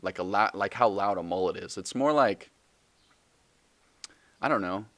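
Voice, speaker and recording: Young male podcast host, very low voice, dry sound, rambling jokey monologue with lots of ums. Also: normal speed, fairly bright tone, no echo. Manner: rambling, joking, self-correcting with many fillers. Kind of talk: casual solo podcast monologue.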